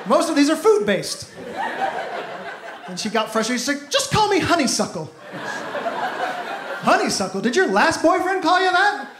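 This stand-up comic speaks at a normal speed with frequent pauses, his voice pitched high. Telling stories with animation and performing each character's lines, he plays to a live comedy club audience amid echo and background noise.

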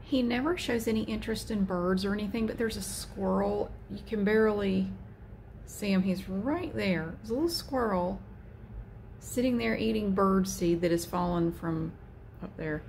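A woman vlogger chatting casually while filming a cat outside, with a drawn-out, easygoing manner. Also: creaky, darkish tone, slight background noise. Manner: chatty, slow and drawn out, slips into high baby talk for the cat.

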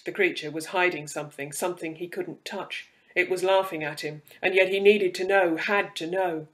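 Male reader, slightly high pitch, measured and dramatic for fantasy narration. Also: steady tone, fairly bright tone. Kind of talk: dramatic fiction reading.

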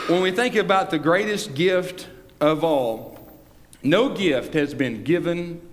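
A man's voice: fairly high pitch, slight background noise. A man preaching a sermon in a church, quoting scripture and building to emphatic peaks. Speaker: pastor. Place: church sanctuary. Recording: long church reverb.

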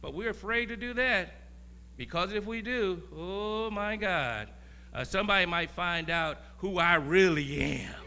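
A man preaching as a guest pastor, talking in a conversational way, laughing and swinging from quiet asides to loud emphasis. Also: sits high, measured pace, slight background noise. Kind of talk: sermon.

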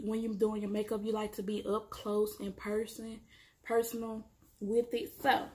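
Woman vlogger, unhurried delivery, gushing casual review, talks to viewers as y'all. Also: medium pitch. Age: adult, has kids. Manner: excited, chatty, addresses viewers as y'all. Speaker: beauty vlogger.

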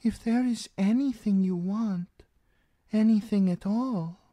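A male reader voicing a young girl actress who plays shy and sweet while she schemes, in a high girlish voice. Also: takes it slowly, dark tone, no echo. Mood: coy.

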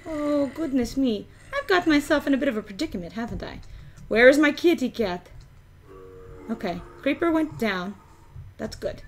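A woman's voice: high-pitched, expressive, normal speed, a little hiss or hum. A woman giving chatty video game commentary and coaxing her in-game pet as she plays. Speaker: let's play host.

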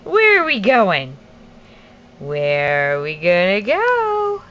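A mother at home, filmed on a handheld camera, coaxing her toddler in high, sing-song baby talk with long pauses. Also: wildly swooping pitch, fairly bright tone, dull audio, a little hiss or hum.

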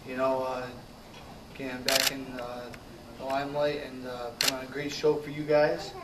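A boxer from Connecticut talks up his upcoming fight in an even, monotone voice, pausing often on "uh." The room is echoey and noisy. He stands away from the mic while cameras click. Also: mid-range voice, far from the mic. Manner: earnest and self-promoting, with many "uh" pauses. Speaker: boxer at a press conference. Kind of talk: press conference speech. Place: press conference room.

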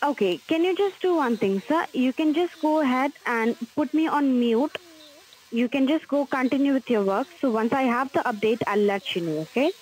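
A woman's voice: high voice, normal speed, darkish tone, slightly rough. A woman making a scam phone call, speaking patiently and in scripted phrases. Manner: patient, scripted, repeats "sir". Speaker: scam caller.

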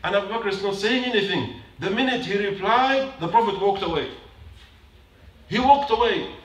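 In an echoey mosque prayer hall, captured from a distance, a man with a high, expressive, fairly bright voice preaches a brief sermon at a fairly quick clip. He is emphatic, going back over his points and asking the congregation questions.

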